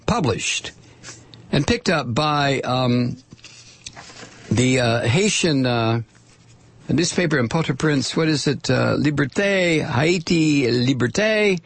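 A man hosting a political talk radio show, delivering a sarcastic, animated monologue and reading listener messages. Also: on the high side, gravelly, breathy edge. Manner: sarcastic, animated, mock voices for quoted people.

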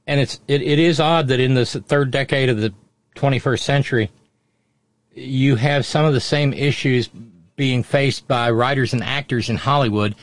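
Speaking at a moderate pace with a medium-pitched voice and no echo, this middle-aged radio host wanders through a family story in loose, digressive fashion. It's a casual monologue on air.

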